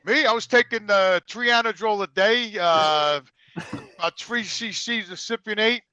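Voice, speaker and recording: A man with a very high, piercingly bright voice spins crude, rambling stories in casual podcast chat. He acts out every scene and swears as he goes. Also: unhurried, smooth, no room sound, low-quality recording. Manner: animated, crude storyteller who acts out scenes. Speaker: show regular.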